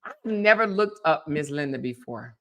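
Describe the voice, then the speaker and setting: A woman's voice: low voice, animated, moderate pace, a bit bright. A woman, chatting casually and laughing with viewers on a livestream. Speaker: livestream host.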